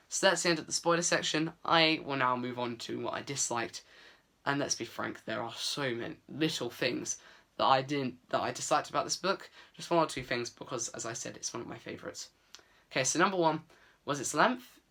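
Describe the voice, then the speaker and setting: A man's voice: medium pitch, brisk, creaky, pushed and bright. A man giving a casual, earnest book review vlog, chatty with many fillers.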